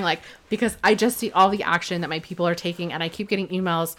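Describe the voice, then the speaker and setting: A woman's voice: on the low side, steady tone, fast, fairly bright tone. A woman hosting her own podcast, talking candidly and emotionally in a rambling, earnest way about her business. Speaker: podcast host on email marketing. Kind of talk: candid solo podcast talk.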